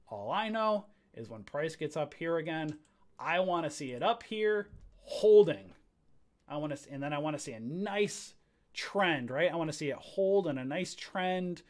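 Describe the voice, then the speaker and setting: A man teaching a live trading webinar in an energetic, ranting way, calling out to his viewers like a preacher. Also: a little high. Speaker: trading educator. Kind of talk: livestream webinar on stock charts.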